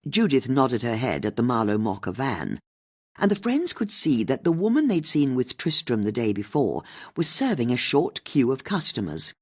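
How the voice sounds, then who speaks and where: Husky, expressive audiobook narrator. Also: mid-range voice, moderate pace. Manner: expressive, storytelling.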